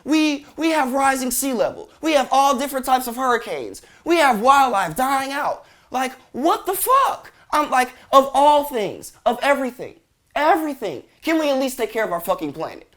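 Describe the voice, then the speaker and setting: Exasperated swearing man with lively pitch. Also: normal speed. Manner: exasperated, incredulous, heavy swearing. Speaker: commentary show host. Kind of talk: profane ranting commentary.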